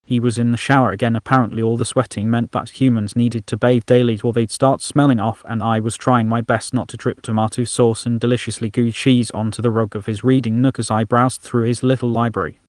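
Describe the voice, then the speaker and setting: Steady male storybook narrator. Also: medium pitch, fairly quick, few pauses, no echo, studio quality.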